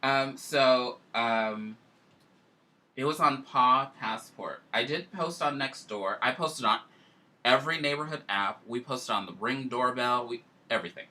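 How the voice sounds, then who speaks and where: A man hosting a casual chat, telling a story in an animated, emotional way. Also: mid-range voice, a little slow.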